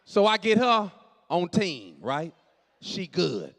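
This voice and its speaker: A man performing stand-up comedy on a church stage, his voice pitched high and sweeping widely up and down as he tells his story. He acts out the dialogue and breaks into shouted punchlines for a live audience. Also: big pitch swings, takes it slowly.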